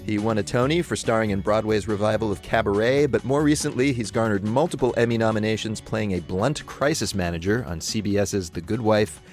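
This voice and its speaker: Male radio co-host, low voice, wry, composed, faint music underneath. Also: fairly quick, few pauses. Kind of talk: radio hosting.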